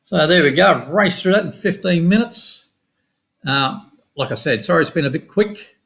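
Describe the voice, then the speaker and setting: A middle-aged man with an Australian accent walking through his forex trades in a quick, casual, matter-of-fact way with some slang. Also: a little high, lively intonation, gravelly, fairly bright tone. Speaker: forex trading educator. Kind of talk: screen-share chart walkthrough.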